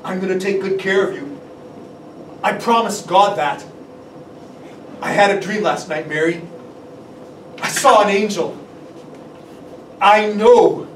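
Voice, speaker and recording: A man's voice: high-pitched, takes it slowly, pauses often. A man playing the young man Joseph, earnest and tender, telling his story with emotion in a church. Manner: emotional, shifts to shouted quotes. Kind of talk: dramatic storytelling monologue. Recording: echoey church sound from a distant mic with background noise.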